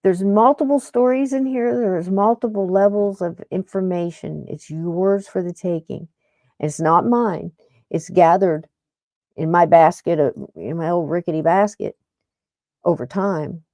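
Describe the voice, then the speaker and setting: With no room sound at all, this middle-aged woman's fairly low, dark voice moves a little slowly. She's hosting a casual paranormal podcast and rambles chattily, frequently interrupting herself to restart.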